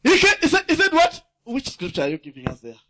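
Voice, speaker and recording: Male preacher, high and ringing, very lively pitch, fiery call-and-response sermon. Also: quick pace. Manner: fiery, swinging from loud shouts to low asides; asks the congregation to fill in words.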